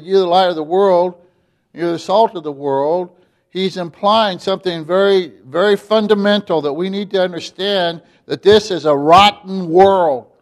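A man preaching a sermon, emphatic, dropping quiet and then rising loud. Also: high voice.

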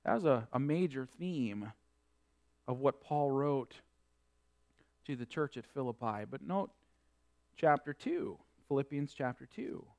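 A man preaching a sermon, quoting scripture in old-fashioned wording and swinging between emphatic peaks and quieter asides. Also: expressive, a little slow, gravelly, pauses often. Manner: emphatic preaching, rising and falling in pitch and loudness. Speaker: pastor.

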